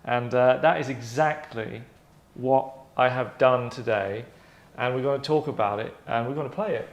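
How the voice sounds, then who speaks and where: In an echoey room on a lo-fi recording, a man hosts his own show and pitches a game idea of his own. His mid-range voice keeps a moderate pace as he chats in a rambling monologue full of asides and self-corrections.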